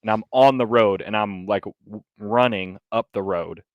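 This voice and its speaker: Low-voiced man telling a lively story. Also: moderate pace, no echo, muffled recording. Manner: animated, swearing, lots of fillers. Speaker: podcast co-host. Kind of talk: casual storytelling chat.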